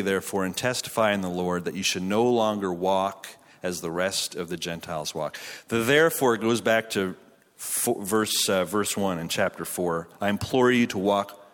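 A man's voice: lowish voice, fairly bright tone. Man preaching in a reverberant hall. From Canada. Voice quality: chatty, self-deprecating storytelling with frequent restarts. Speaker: pastor. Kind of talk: sermon. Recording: hall reverb from a live venue.

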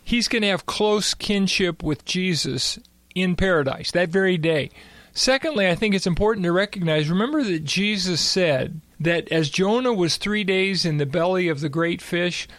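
A man with a high voice talks through scripture in a measured, explanatory way. The recording is dry and close, with no room sound. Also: fairly bright tone, no room sound. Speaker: Bible teacher. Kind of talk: conversational Bible discussion.

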